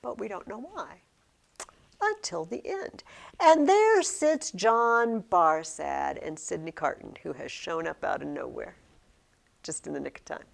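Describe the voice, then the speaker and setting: A woman teaching a high school literature class, asking questions and acting out lines from the book. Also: measured pace, vocal fry. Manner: animated, asks questions, acts out quotes.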